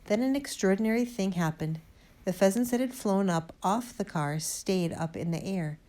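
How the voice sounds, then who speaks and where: A woman narrating a children's storybook aloud in an expressive, lively way. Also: medium pitch, normal speed. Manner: lively expressive reading, first-person boy narrator. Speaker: audiobook reader.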